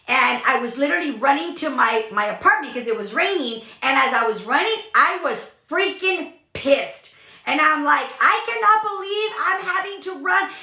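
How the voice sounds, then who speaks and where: A young woman gives a motivational talk with lots of emphasis and repetition. Her voice sits high and bright. The room around her is echoey. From California. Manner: emphatic, energetic, repeats for emphasis. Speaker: podcast host, business coach.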